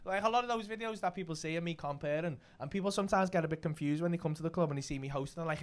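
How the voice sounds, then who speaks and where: A man with a Liverpool accent, a comedian and club host telling stories in casual chat, swearing freely with rapid banter. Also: fairly high pitch, steady tone. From Liverpool, England.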